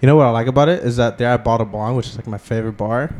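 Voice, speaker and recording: A man's voice: mid-range voice, racing, a little mellow, slight background noise. A young man from Houston co-hosting a podcast, rambling casually with constant fillers. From Houston, Texas. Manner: rambling, heavy use of 'like' and 'bro'. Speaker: podcast co-host. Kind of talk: casual chat.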